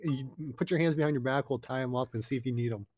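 A man co-hosting a casual fantasy football chat, giving short, deadpan replies. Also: mid-range voice, fast talker. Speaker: podcast co-host.

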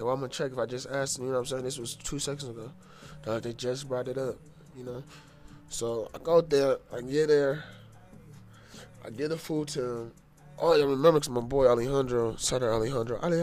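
A man's voice: medium pitch, a little fast, faint music behind. Rambling, profane young man telling a story. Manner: rambling, profane slang, repeats "bro"; loud and animated when worked up. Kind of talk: casual storytelling.

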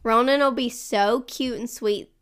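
A woman co-hosting a podcast, chatting casually and telling animated stories about her kids, often laughing. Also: fairly high pitch, unhurried, clear, resonant tone. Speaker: podcast co-host. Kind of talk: casual chat.

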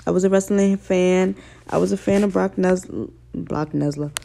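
Excitable woman with a gravelly voice. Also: lowish voice, normal speed. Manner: excitable, swearing, talks straight to viewers with slang. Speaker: vlogger. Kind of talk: casual excited vlog talk.

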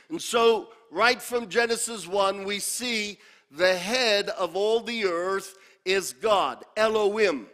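A man delivers a sermon with a high-pitched voice, slow and measured. He repeats key words and asks the congregation to join in. The sound rings with long reverb from a large hall. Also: fairly bright tone. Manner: calls for congregation responses. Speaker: preacher. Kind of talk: sermon teaching with scripture.

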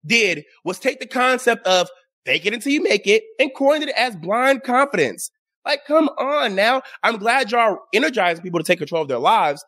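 Man, high-pitched, show host, casual commentary, sarcastic, exasperated. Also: a bit bright. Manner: sarcastic, exasperated, talks straight to the audience.

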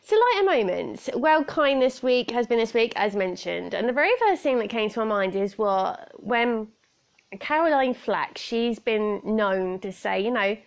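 A woman's voice: fairly high pitch, animated, measured pace, gravelly. A young woman hosting her own podcast in a chatty, bubbly, self-deprecating way. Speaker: podcast host. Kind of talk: casual solo podcast chat.

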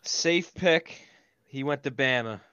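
A man's voice: medium pitch, slow pace, bright, forceful tone, clean tone, dry recording, dull audio. A young man playing a sports quiz on a podcast, anxious and poking fun at himself. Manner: anxious, self-mocking. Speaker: podcast co-host, quiz player. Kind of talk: casual podcast banter.

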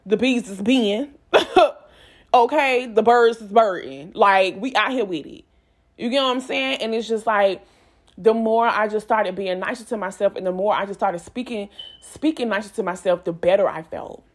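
A woman's voice: mid-range voice, moderate pace. A woman, giving herself and her listeners an emphatic, repetitive pep talk in a casual vlog. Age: 20s. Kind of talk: motivational self-talk monologue.

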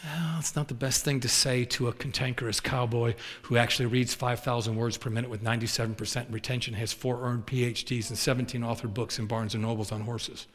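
A man preaching, telling folksy stories with lively acted quotes. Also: medium pitch, a little fast, hardly any pauses, long reverb tail. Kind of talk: storytelling sermon.

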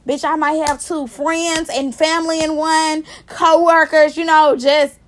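A woman with a high-pitched voice talks straight to her viewers in a loose, chatty vlog. She tells the story with heavy emphasis and frequent swearing, ranting with animated energy. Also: unhurried, slight background noise. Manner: speaks directly to viewers. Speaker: vlogger. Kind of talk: casual storytelling commentary.

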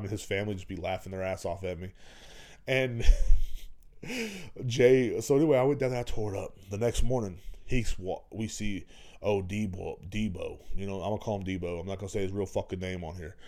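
A man's voice: fairly low pitch, brisk, warm tone. Profane, rambling man telling stories. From Texas. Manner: profane, rambling, laughing as he tells it. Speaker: podcast host. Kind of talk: casual storytelling.

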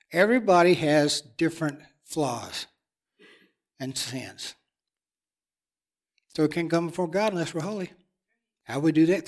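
High-pitched preacher man, emphatic and repetitive. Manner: emphatic, repetitive preaching with swings from loud to hushed. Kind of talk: sermon.

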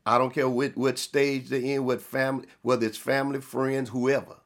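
A male pastor preaching a sermon, with sudden loud emphatic rises and slow drawn-out stresses. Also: mid-range voice, level tone.

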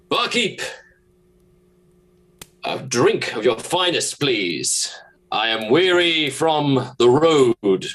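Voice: sits low, fairly bright tone, husky, rough recording. A tabletop player describing their character's actions, correcting themselves as they go. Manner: self-correcting, laughing asides.

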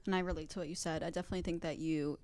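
A woman's voice: low-pitched, fairly even intonation, rapid-fire, a little mellow, slight background noise. A young woman co-hosting a podcast in casual chat, hesitant and full of fillers. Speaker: podcast co-host.

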